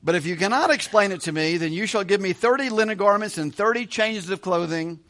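Here a man's high-pitched, fairly bright voice moves fairly quickly as he preaches a Bible passage verse by verse. The pastor reads aloud and keeps things conversational, tossing in casual jokes and chuckling often.

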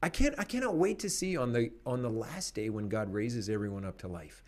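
Brief: opinionated male talker, lively swooping delivery, easy laughs. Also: mid-range voice, fairly quick. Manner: animated, opinionated, laughs often. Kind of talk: casual conversation.

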